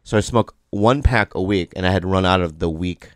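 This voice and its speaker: A man's voice: low-pitched, normal speed, no room sound, studio quality. A man who is a podcast guest, telling a story in casual chat and acting out the people in it. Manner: animated, acts out the people in his stories.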